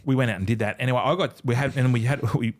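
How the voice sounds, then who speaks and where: A man's voice: mid-range voice, very fast. A middle-aged Australian man, a former footballer, telling stories in a casual chat. He swears freely and acts out other people's lines. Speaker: podcast guest, former rugby league player.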